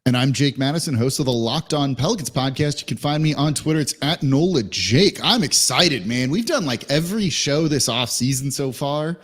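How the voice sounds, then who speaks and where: A man co-hosting a casual sports podcast, thinking aloud in a lively way. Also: mid-range voice, normal speed, few pauses. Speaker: podcast host.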